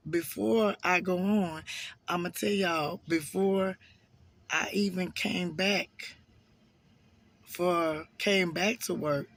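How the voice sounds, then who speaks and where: Hoarse man, high voice, casual storytime vlogger, chatty and animated. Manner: chatty, animated, addresses viewers as y'all. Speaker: vlogger telling a work story.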